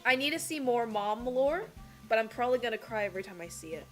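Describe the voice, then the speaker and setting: A woman co-hosting a live art stream, chatting casually in a bubbly, emotionally expressive way. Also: fairly high pitch, fast talker. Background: faint Christmas music.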